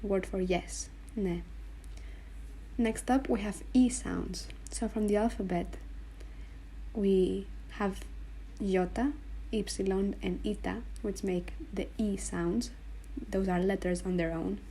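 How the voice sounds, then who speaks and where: Woman, language teacher, slow and patient, mellow tone, faint room noise behind. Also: medium pitch, fairly even intonation. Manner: slow, patient, spells out sounds and repeats them. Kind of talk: explaining letters on a board.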